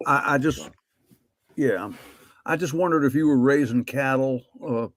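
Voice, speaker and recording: A man hosting a casual chat on a call, asking his guests questions in a polite, easy way. His voice is mid-pitched and recorded dry, close to the mic. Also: a little slow, no echo.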